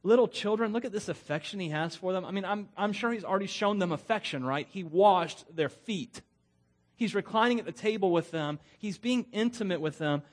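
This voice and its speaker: Chatty pastor, lightly higher voice. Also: male voice, fairly quick. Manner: conversational, self-deprecating, laughs often. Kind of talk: sermon.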